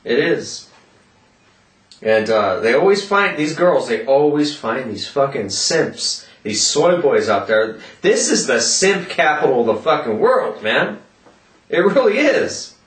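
A man ranting loudly in a vlog, cursing constantly and yelling as he talks, in a roomy echo from a distant mic. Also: a little high, sing-song, slow pace. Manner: profane, loud, yelling rant. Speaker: vlogger.

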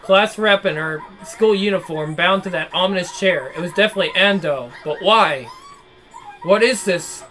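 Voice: mid-range voice, normal speed, hardly any pauses, bright, forceful tone, soft background music. A reader narrating a horror visual novel aloud, dramatic and broken by nervous laughs.

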